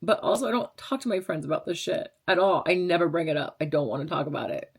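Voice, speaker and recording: A woman's voice: on the low side, fast talker, creaky, husky. A woman in her twenties from Las Vegas, a radio DJ chatting casually as she answers viewer questions, blunt and sarcastic with fillers and laughs. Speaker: radio DJ and vlogger.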